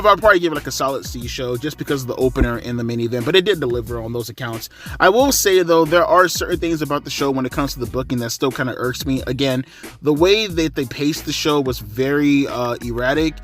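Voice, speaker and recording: A man's voice: on the high side, a bit bright. A man giving a blunt, rambling spoken review, a bit tired and short of breath. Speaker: wrestling commentary vlogger.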